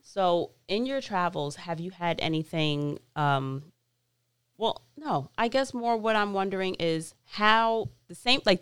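A woman hosting a podcast interview, reacting quickly and asking loose, casual questions. Her voice is low and smooth. The sound is dry and close to the mic. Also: fairly bright tone, no room sound. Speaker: podcast host.

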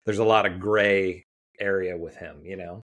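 Low-voiced man rambling about films. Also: fairly even intonation, fairly bright tone. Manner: rambling, halting, frequent restarts. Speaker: podcast co-host. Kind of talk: casual film review chat.

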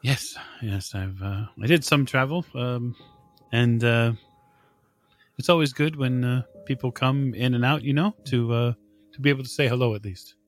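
A man voicing a dutiful middle-aged station sweeper with an Italian accent, speaking in halting, plain sentences in a tabletop game. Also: mid-range voice, soft background music, voice pushed up, natural voice. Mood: friendly.

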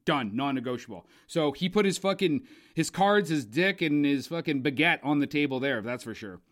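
A man's voice: on the high side, animated, normal speed. A man from Canada co-hosting a casual movie podcast, rambling and joking with frequent swearing. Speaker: podcast co-host. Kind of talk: casual movie-review chat.

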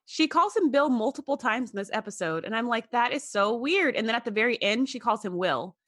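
A woman's voice: on the high side, animated, fast, a bit bright, dry recording, clean studio sound. A woman co-hosting a casual podcast, chatty and fond of acting out characters' lines. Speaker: podcast co-host.

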